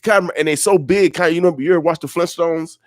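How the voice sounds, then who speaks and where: Talking fast in a slightly high voice, this middle-aged morning radio host rambles casually in the studio. The studio-mic recording has no room sound, and he leans on the same catchphrases again and again.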